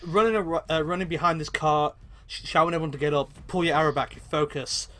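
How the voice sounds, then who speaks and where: A man's voice: a little high, steady tone, fast talker, a bit bright. A man narrating as game master in an online tabletop game, casual and hesitant with many fillers.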